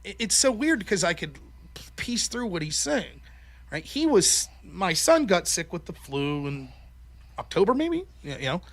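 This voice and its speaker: A man hosting a call-in show, telling stories in a casual, profane, animated way and acting out the voices of people he quotes. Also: sits high, normal speed.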